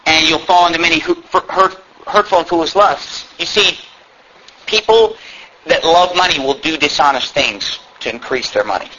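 A man's voice: a little high, moderate pace, pushed and bright. A male pastor preaching a sermon, emphatic and full of rhetorical questions. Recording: dull lo-fi with faint noise.

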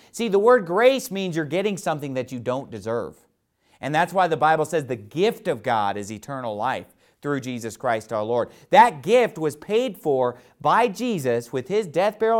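A preacher giving a Bible sermon, explaining verses plainly, asking rhetorical questions, and reading old-style scripture slowly and with emphasis. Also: medium pitch. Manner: reads King James verses slowly and emphatically.

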